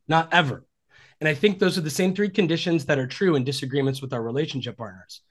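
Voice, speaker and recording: A man's voice: on the high side, fast talker. A man in his forties, a relationship coach talking earnestly and reflectively on a podcast. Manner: earnest and reflective, acting out quoted dialogue. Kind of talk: conversational podcast interview.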